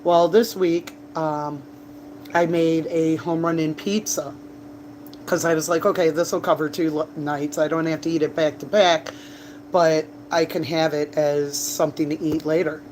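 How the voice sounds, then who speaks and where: A woman's voice: low voice, steady tone, normal speed, darkish tone, slight background noise. A woman chatting casually on a livestream from a bar, rambling through stories with laughs and coughs. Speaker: livestreamer and bartender. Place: bar, indoors.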